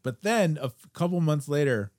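This Chicago-accented young man from the United States hosts a podcast, trading laugh-filled, jokey stories in casual chat. He speaks at a normal speed with a high-side, slightly mellow voice and lively intonation.

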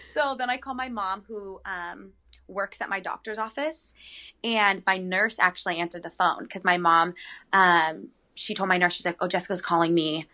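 A woman's voice: mid-range voice, moderate pace. A young adult woman telling her birth story in a casual chat, full of "like" and "um". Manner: chatty, animated storytelling with many "like"s and "um"s.

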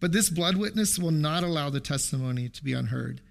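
A man's voice: on the high side, a little fast, gravelly. A middle-aged man preaching a sermon as a pastor, telling stories and acting out quotes with animation. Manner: storytelling with acted quotes, animated.

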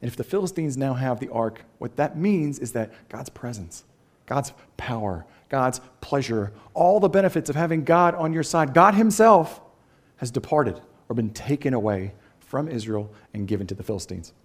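A man preaching a sermon in a conversational way, moving between loud emphatic phrases and quiet asides and clearing his throat now and then. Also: mid-range voice, expressive, fairly quick. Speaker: pastor.

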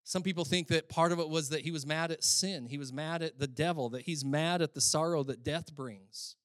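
Conversational preacher. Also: male voice, fairly high pitch, moderate pace, dry recording, studio quality. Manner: conversational, swings from loud emphatic to quiet reflective; frequent filler "like". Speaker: pastor. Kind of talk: sermon.

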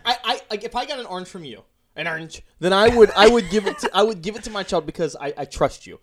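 A man's voice: sits high, lively intonation, fast talker, a crowd in the background. A man in his thirties, a father, chatting casually as a podcast co-host and laughing often. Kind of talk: casual chat.

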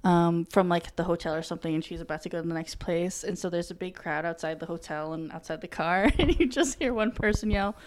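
A woman's voice: lowish voice, fairly quick, few pauses. Chatty young woman swearing casually. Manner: chatty, swears freely, many ums. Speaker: podcast co-host. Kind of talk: casual chat.

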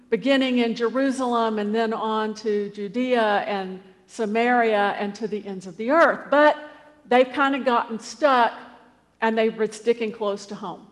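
A woman preacher retelling a scripture story in a conversational way, with asides and fillers. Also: fairly high pitch. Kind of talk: storytelling sermon. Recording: long hall reverb.

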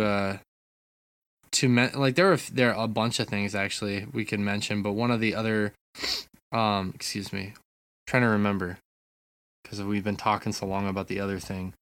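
A man co-hosting a casual gaming podcast from his apartment, telling stories with lively swearing and restarts. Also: on the low side, moderate pace, no room sound. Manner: animated storytelling, frequent swearing. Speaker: podcast co-host. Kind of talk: casual chat.

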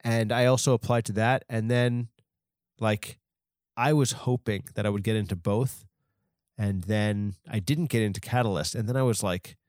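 A man's voice: fairly low pitch, normal speed, darkish tone, no room sound, clean studio sound. A man in his forties hosting a comedy podcast, rambling and self-mocking with lots of fillers and restarts. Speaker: podcast host.

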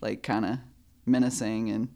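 A woman telling a story in a casual chat, animated and laughing often, acting out what people said. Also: extremely low pitch, moderate pace, vocal fry.

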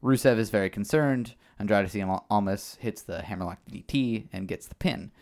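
Gravelly low-voiced man chatting. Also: a little fast, darkish tone. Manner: rambling, lots of filler words and restarts. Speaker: podcast co-host. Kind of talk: casual wrestling chat.

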